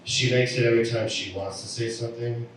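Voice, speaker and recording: Man, stand-up comedian, deadpan storytelling, distant mic, steady background noise. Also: mid-range voice, fairly quick. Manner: deadpan storytelling with acted-out voices. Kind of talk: stand-up set. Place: comedy venue. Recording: echoey room from a distant mic.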